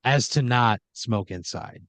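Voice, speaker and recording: A man's voice: medium pitch, measured pace, fairly bright tone, no room sound. A man hosting a podcast and improvising a horror comedy story in the second person, with frequent "like" fillers.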